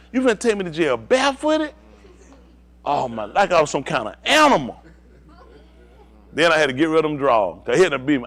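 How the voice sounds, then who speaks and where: A man's voice: fairly high pitch, fairly bright tone. A middle-aged male pastor telling a personal story in a sermon, acting out the voices of the people in it and laughing often.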